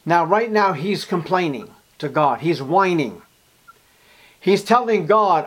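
A man's voice: high-pitched, lively intonation, slow pace, a bit bright. A man preaching a sermon, speaking emphatically and addressing his listeners directly.

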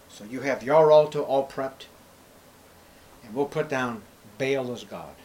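A man preaching a sermon with dramatic storytelling, loud emphatic bursts and sarcastic rhetorical questions. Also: medium pitch, a little slow, pauses often. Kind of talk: expository sermon.

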